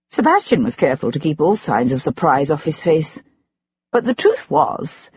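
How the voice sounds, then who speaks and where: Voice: medium pitch, a little mellow, breathy edge. An audiobook narrator reading a period mystery in scripted narration. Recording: dull lo-fi audiobook recording.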